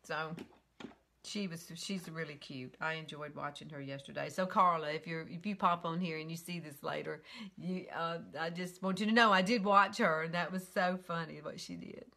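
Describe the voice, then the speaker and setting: A woman's voice: deep voice, moderate pace, creaky, sharp tone. An older woman with a Southern US accent, chatting casually and rambling with giggles while hosting a makeup tutorial from her bedroom. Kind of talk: casual live-stream chat. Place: bedroom at home.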